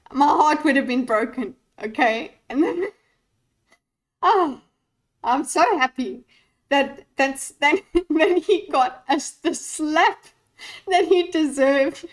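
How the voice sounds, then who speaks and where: Giggly, high-voiced woman commentator. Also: slow pace, poor audio. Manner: giddy, laughing through her words; swears casually. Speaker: streamer reacting to a debate. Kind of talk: live reaction commentary.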